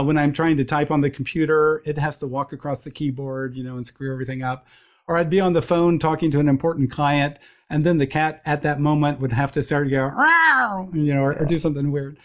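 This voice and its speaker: A middle-aged man telling lively anecdotes as an interview guest, with frequent restarts and playful voices for quotes. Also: on the high side. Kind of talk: storytelling in a conversational interview.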